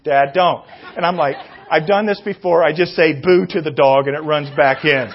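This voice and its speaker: Rambling middle-aged pastor on dull audio. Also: male voice, a little high, moderate pace. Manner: rambling, self-deprecating anecdotes that build to loud, excited retelling. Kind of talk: sermon with personal storytelling.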